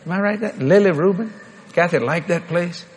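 A man's voice: high-pitched, normal speed, a little hiss or hum. An older man, telling a folksy, joking story in a sermon. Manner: folksy, animated, joking with the crowd. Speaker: preacher.

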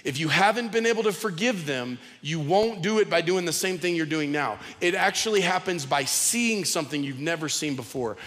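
Higher-voiced preacher in an echoing hall. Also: male voice, animated, moderate pace, hardly any pauses, fairly bright tone. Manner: conversational preaching, repeats words, acts out quotes. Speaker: pastor. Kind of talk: sermon. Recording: long hall reverb.

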